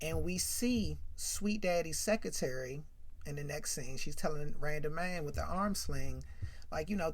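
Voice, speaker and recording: A man hosting a casual rant in which he recaps a sitcom episode, talking in an animated, chatty way full of "you know" and "right?". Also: fairly high pitch, normal speed, creaky. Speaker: commentary host.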